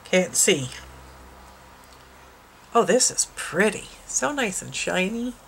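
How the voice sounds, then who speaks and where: A woman's voice: mid-range voice, big pitch swings, slow pace, vocal fry, fairly bright tone, slight background noise, poor audio. A woman hosting a casual craft unboxing vlog at home, gushing and exclaiming over each item. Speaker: craft channel host. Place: her home.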